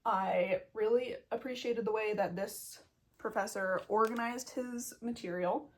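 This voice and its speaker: A woman's voice: on the high side, unhurried. A young woman telling a story as a vet student in a casual vlog, blunt, self-mocking and full of swearing. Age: young adult.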